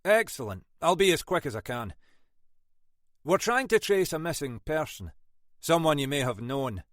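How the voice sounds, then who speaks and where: A man's voice: on the high side, very animated, normal speed, no echo, voice pushed up. A man doing a dry, commanding Scottish detective. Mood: polite, coaxing. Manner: dry, probing, quietly commanding. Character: shrewd older male Scottish detective inspector.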